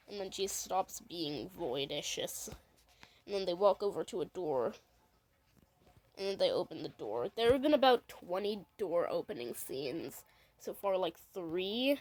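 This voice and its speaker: Her voice is fairly low, expressive, a touch slow, and darkish, and the audio quality is poor. Talking casually over a video, the woman walks through her animation scene by scene, rambling and stringing things together with "and then" and "and then he's like."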